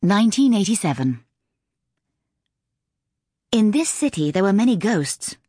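A woman narrating an audiobook in a measured, expressive storytelling manner, close to a studio mic. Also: medium pitch, slightly rough, no room sound.

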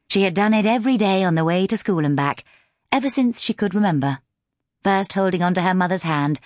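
A woman narrating an audiobook in a measured, expressive storytelling manner, close to a studio mic. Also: lowish voice, no room sound.

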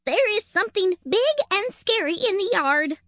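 A panicked little male squirrel gasps out every word, shrill and breathless. A woman puts him on in a very high, swooping voice for a storybook, clean and dry as in a studio. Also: animated, normal speed, a bit bright, no room sound. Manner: gasping, frantic and shrill.

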